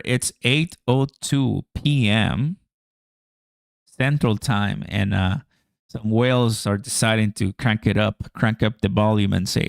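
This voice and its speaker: A man's voice: fairly low pitch, unhurried, vocal fry, no room sound, studio quality. A man hosting a crypto livestream, chatting casually to viewers in a slangy way and laughing often.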